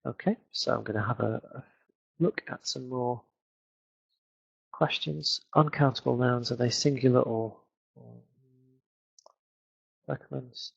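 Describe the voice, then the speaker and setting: A man's voice: medium pitch, fairly even intonation, measured pace, vocal fry, long pauses, breathy edge. A British man, a teacher answering questions in a webinar with many fillers and restarts. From Britain. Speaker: English teacher. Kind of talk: webinar Q&A lesson. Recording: dull lo-fi webinar audio.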